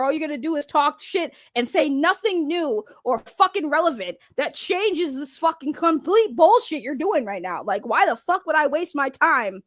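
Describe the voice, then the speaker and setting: A woman's voice: extremely high pitch, fairly bright tone, no room sound, studio quality. A young woman hosting a livestream, ranting bluntly to her chat with constant swearing. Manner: blunt, heavy swearing, talks straight to chat. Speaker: livestream commentary host.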